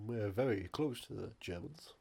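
A man's voice: on the low side, expressive, moderate pace, gravelly, a little mellow, a little hiss or hum. A man trading improvised comic banter, playful and teasing, hopping into silly voices. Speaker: comedy co-host.

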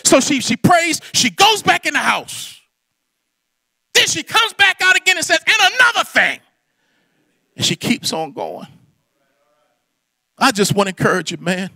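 Man preaching, very high voice, bright, dry close sound, impassioned, hushed prayer to loud exhortation. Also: very animated, normal speed, vocal fry, pauses often, no room sound. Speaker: pastor. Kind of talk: sermon.

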